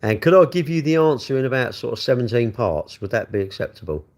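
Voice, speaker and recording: A man's voice: mid-range voice, sing-song, fast, a little mellow. A middle-aged man chatting loosely and self-mockingly on a late-night livestream from his bedroom, talking into his phone. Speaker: livestream host.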